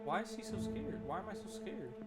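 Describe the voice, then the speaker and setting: A man's voice: high voice, fairly quick, over loud music. Jumpy, foul-mouthed young male streamer. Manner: excitable, nervous, swears a lot. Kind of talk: live gameplay commentary.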